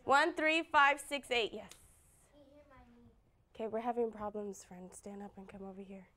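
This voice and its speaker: A woman leading a children's dance class, praising warmly and counting beats aloud, at times loud and at times hushed. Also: medium pitch, lively intonation, normal speed.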